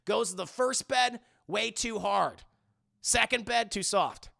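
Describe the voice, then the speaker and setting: A man's voice: high voice, slow pace, creaky, sharp tone. A man livestreaming a rambling, jokey and profane recap of a movie. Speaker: streamer reviewing a movie.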